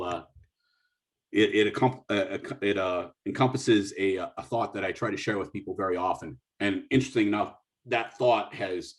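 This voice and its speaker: A middle-aged man from the United States, a military officer telling a war story as a guest speaker over a video call, acting out dialogue with frequent restarts. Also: fairly low pitch. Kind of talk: storytelling talk.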